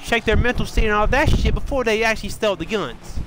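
Excitable louisiana guy, swears a lot, super high voice, noisy background. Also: fairly quick. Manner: excitable, swears a lot, gets loud when arguing. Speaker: streamer. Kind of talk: casual livestream chat.

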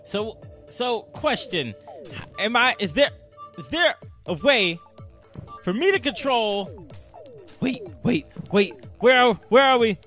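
Young male let's-play host, bright and high, all over the place in pitch, excitable with frequent yells; faint music bed. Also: takes it slowly, long pauses. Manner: excitable, shouts and groans at the game, swings high and low. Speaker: gaming channel host.

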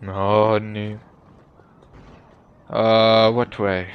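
A man's voice: on the low side, expressive, measured pace, pauses often, clean tone, no room sound. A young man giving casual, joking gameplay commentary as he plays, swearing and laughing at himself. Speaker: gaming YouTuber.

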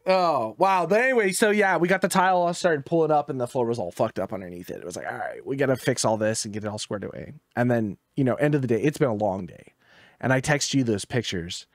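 A young man co-hosting a podcast, telling work stories in casual chat, animated, laughing often and swearing freely. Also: mid-range voice, quick pace, no room sound, clean studio sound. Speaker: podcast co-host.

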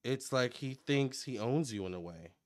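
A man giving a casual psychic tarot reading to camera, chatty and excitable as he relays what he picks up in a running commentary. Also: mid-range voice, normal speed, no echo. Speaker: tarot reader and medium.

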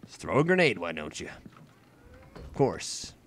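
A man's voice: low voice, very animated, measured pace, creaky, slight background noise. A man hosting a let's play, giving jokey, self-mocking running commentary while he plays. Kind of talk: gameplay commentary.

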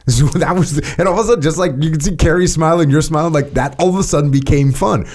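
A man's voice: on the high side, quick pace. A man on a podcast, telling stories in casual chat and acting out his own quotes with energy. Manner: animated, acts out quotes loudly. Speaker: podcast guest.

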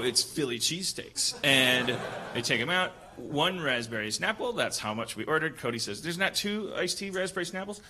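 A man hosting a comedy podcast, telling stories in an animated, profane ranting way. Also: mid-range voice, background noise. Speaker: podcast host. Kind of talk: casual comedic storytelling.

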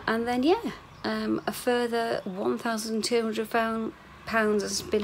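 A woman's voice: medium pitch, a little hiss or hum. A woman, rambling candidly in a chatty video diary, sometimes swearing. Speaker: vlogger.

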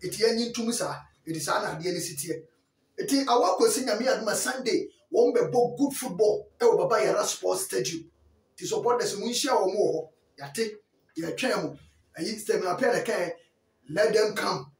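A Ghanaian man giving football news in a lively, chatty way, often checking that listeners follow along. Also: sits high, moderate pace. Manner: animated, chatty, keeps asking listeners if they follow. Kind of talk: casual sports news chat. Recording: echoey room, voice from a distant mic.

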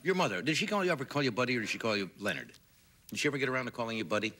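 Lively-voiced late-night talk host. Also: male voice, mid-range voice, racing. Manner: brief, dry prompting questions.

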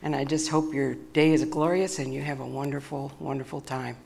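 A woman with a low voice preaches to a small church congregation. She speaks in a halting, homespun way and sounds a little nervous, often restarting her phrases. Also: fairly even intonation, gravelly, a little mellow. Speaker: lay preacher. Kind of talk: church sermon.

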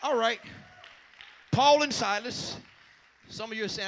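A man with a Southern accent preaching a revival sermon, shouting in bursts and filling pauses with "uh". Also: high-pitched, big pitch swings.

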